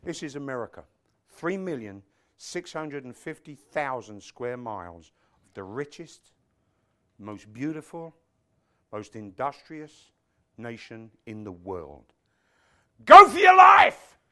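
A man's voice: mid-range voice, sing-song, slow pace. A preacher putting on a brash man greeting a newcomer. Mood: boisterous. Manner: boisterous, hyping. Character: brash male greeter welcoming an immigrant.

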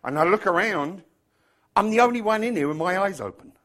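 Middle-aged English man, pastor, casual joking sermon, slightly higher voice, mimics others for laughs. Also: animated, a little fast, a bit bright. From England. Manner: chatty, joking with the congregation, bursts of mimicry.

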